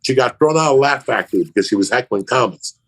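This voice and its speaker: A man's voice: medium pitch, expressive, fast talker. A man, a comedian, telling crude, profane stories in a casual podcast chat. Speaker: comedian guest.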